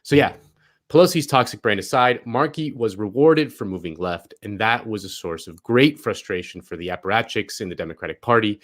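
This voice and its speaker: A man hosting a political talk show speaks in a deep, low register. His delivery is wry and sarcastic, full of quick asides and offhand digs. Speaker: host. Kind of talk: political commentary.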